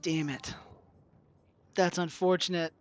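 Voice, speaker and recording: A man's voice: high voice, slow, a little hiss or hum. A man giving live, self-deprecating commentary to his viewers while streaming a video game. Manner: expressive, self-deprecating, talks to chat. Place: home room, indoors.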